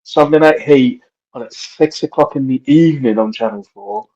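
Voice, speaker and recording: A man's voice: mid-range voice, moderate pace, darkish tone, lo-fi sound. Rambling man. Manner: rambling storyteller. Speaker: podcast co-host. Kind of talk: casual chat.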